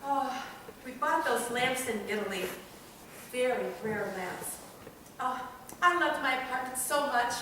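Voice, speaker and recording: A woman's voice: sits high, animated, unhurried, sharp tone, a little hiss or hum, full character voice. A woman on stage playing a fussy, fragile housewife who talks in hesitant, fluttery bursts. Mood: wistful. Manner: fluttery, hesitant, with many ums and ohs. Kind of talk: stage comedy acting. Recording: echoey stage from far off.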